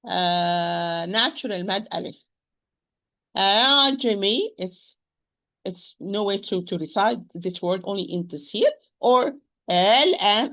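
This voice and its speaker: A woman teaching a recitation lesson, speaking haltingly, often repeating words and modelling pronunciations aloud to make her points. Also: medium pitch, fairly bright tone. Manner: stresses rules with emphatic repetition.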